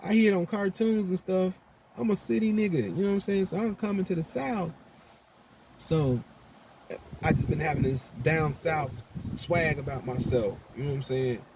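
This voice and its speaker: A man's voice: fairly high pitch, moderate pace, background noise. A man from Chicago talking casually to his viewers, laid back and slangy, often asking "you know what I'm saying". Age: older adult. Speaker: vlogger. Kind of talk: casual monologue to camera.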